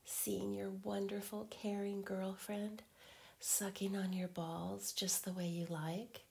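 Slow husky whispering woman. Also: mid-range voice. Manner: teasing, slow, breathy whispers with soft hums. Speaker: girlfriend in audio role-play. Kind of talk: whispered role-play.

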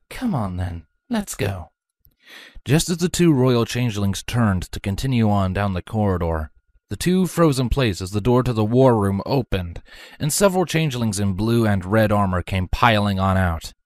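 A woman narrating a fan fiction story in an expressive storytelling manner. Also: a bass voice, normal speed, no echo.

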